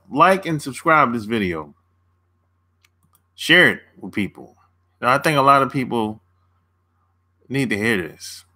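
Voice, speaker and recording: A man's voice: medium pitch, sharp tone. A man coaching on dating in a casual livestream, laid-back, chuckling often and answering viewers' chat by name.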